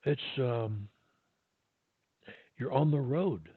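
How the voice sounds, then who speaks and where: A man's voice: medium pitch, extremely slow, breathy edge, no echo. A man coaching a stutterer one-on-one over a call, upbeat and repetitive, giving pep-talk instructions. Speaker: speech coach. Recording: tinny phone-like line.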